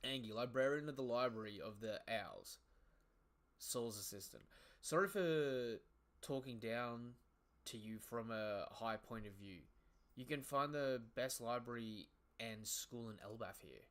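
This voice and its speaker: A courteous young librarian woman guiding visitors, in a quiet formal read, as a man reads her lines aloud during a comic-reading reaction. Mid-range pitch, even and composed. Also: measured pace. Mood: polite. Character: polite female librarian assistant, gentle.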